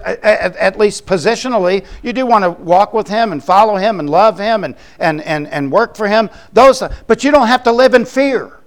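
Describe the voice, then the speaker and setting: A man preaching as a pastor, explaining scripture in a conversational way with quick asides. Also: high voice, smooth. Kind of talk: sermon.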